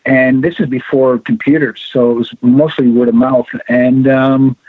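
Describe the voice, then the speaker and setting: A middle-aged man, the guest, telling lively stories on a call-in show and acting out the people in them. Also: medium pitch, normal speed, husky, no room sound. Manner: animated storyteller acting out quoted voices. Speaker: guest, founder of a ring-finding directory. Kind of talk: storytelling on a call-in radio show. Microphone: phone. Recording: tinny phone line, dry.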